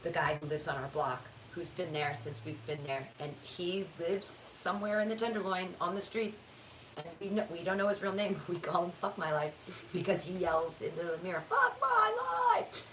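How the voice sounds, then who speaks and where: A woman hosting a casual talk show, ranting in an animated, sarcastic and profane way. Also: lowish voice, brisk, a little hiss or hum, poor audio. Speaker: podcast host. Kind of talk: casual conversational rant.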